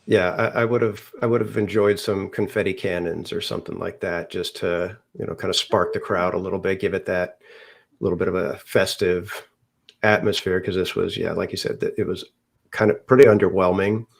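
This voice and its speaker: A man with a very deep, low-pitched voice talks casually as a podcast co-host. He rambles, hedges and restarts his sentences a lot as he works out what he means. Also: fairly even intonation, moderate pace, vocal fry. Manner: rambling, hedging with many restarts. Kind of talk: casual chat.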